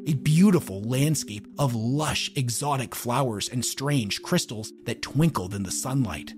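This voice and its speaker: Male dark-fiction narrator, measured and dramatic, mid-pitched, faint music under.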